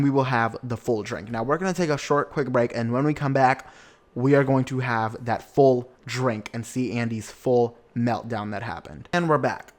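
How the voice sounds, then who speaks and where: Chatty campy young man hosting a podcast. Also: medium pitch. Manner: chatty and campy, quoting people in put-on voices. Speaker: podcast host. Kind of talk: casual recap podcast.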